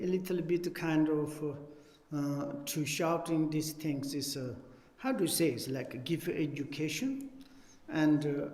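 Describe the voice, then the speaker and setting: A man giving a Buddhist teaching in halting, English, searching for words as he goes. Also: a little high, a little mellow. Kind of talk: dharma teaching talk. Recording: echoey hall.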